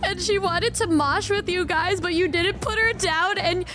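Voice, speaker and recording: A woman streamer chatting casually to her fans, excitable and giggly, swearing freely. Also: very high voice, normal speed, music in the background. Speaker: singer and streamer.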